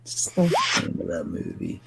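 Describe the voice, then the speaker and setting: A man's voice: unhurried, noisy background. A man playing a tabletop game, chatting casually and joking with the group. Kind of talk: casual chat.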